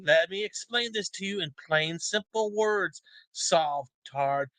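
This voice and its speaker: A man's voice: high-pitched, slow pace, sharp tone, no room sound, low-quality recording. A man giving mocking commentary over a video, sarcastic and pointed.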